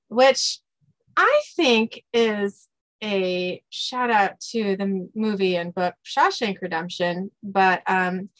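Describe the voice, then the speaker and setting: A woman's voice: medium pitch, expressive, slow, fairly bright tone. A woman casually recapping an episode as podcast host, laughing often and quoting characters in playful voices.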